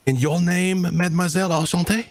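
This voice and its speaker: A man's voice: high voice, fairly even intonation, fairly quick, dry recording, studio quality, voice pushed up. A man voicing a flamboyant French male mage with a put-on French accent and a courtly, theatrical manner. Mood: charming.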